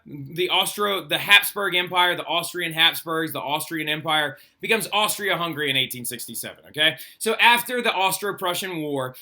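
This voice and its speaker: A man's voice: fairly high pitch, sharp tone. A man teaching a history lesson in a casual, chatty way, often asking "right?" and filling with "like". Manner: chatty, frequent "like" and "right?" tag questions. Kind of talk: casual recorded classroom lecture.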